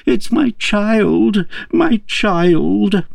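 A man reading a storybook aloud and voicing a tearful, sharp-tongued queen in a raised voice. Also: a little high, normal speed, no echo, studio quality, pitched above the performer's own voice, lightly acted. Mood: sobbing. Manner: plaintive then snappish retorts.

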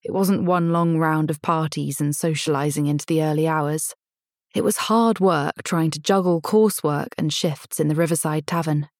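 A woman narrating a first-person novel in a measured, intimate storytelling manner, lightly voicing the dialogue. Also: low-pitched, fairly even intonation, a little mellow, no room sound, clean studio sound. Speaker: audiobook narrator.

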